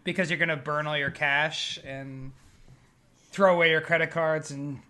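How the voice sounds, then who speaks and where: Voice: medium pitch, fairly even intonation, normal speed, sharp tone. Co-host who reads verse dramatically and then needles friends in chat. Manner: theatrical recital with stumbles, then teasing and emphatic. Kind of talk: reading a poem aloud, then casual chat.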